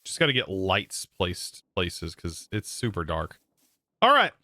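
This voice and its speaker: Streamer, male, bright and clear, dry close sound, loose rambling chat. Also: sits low, wildly swooping pitch, unhurried, no echo. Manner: rambling, with frequent restarts and laughs. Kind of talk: casual gameplay livestream chat.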